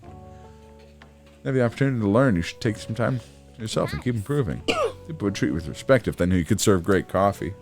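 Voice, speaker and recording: A man voicing a stern middle-aged male café owner, reading game lines in a low, measured, dryly critical tone. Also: animated, a little mellow, faint music behind. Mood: gruff. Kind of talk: reading game dialogue aloud in character.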